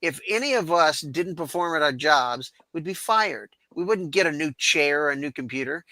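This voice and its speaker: Bright, blunt man talking politics. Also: a little high, animated, moderate pace, no room sound. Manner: blunt, emphatic, insistent. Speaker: panelist. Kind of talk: casual political chat.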